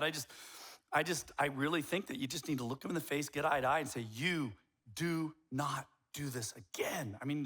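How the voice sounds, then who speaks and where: An older man preaching a sermon as pastor, telling stories with lively, acted-out dialogue that rises to near shouts. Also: on the high side. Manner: animated storytelling, acts out dialogue, rising to near shouts. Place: church sanctuary.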